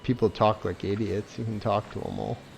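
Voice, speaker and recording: A man's voice: lowish voice, fairly even intonation, normal speed, gravelly, darkish tone, slight background noise. A man giving casual, sarcastic, swear-heavy commentary while playing and reviewing a game. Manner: sarcastic, swears a lot, mocking laughs. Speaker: gameplay reviewer. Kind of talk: casual profane commentary over gameplay.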